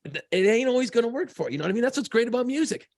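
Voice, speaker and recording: A man in his fifties co-hosting a podcast in casual chat, animated and joking, swearing freely. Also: very high voice, very fast, no room sound. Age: 50s. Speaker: podcast co-host.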